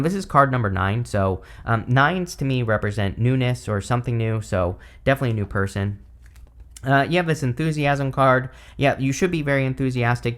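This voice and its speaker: Rambling man in his thirties reading tarot. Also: mid-range voice. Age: 30s. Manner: rambling, lots of "like" and "you know". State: slightly hoarse, losing his voice. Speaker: tarot reader.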